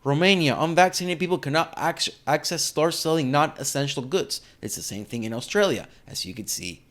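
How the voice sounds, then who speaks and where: A man's voice: on the high side, fairly quick. A man giving casual, indignant commentary on video clips. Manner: animated, indignant, reacting to clips.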